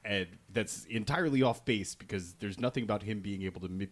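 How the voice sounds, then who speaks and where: A man's voice: fairly low pitch, a little fast. A man co-hosting a comedy podcast, summarizing in a dry, wry way. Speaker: podcast co-host.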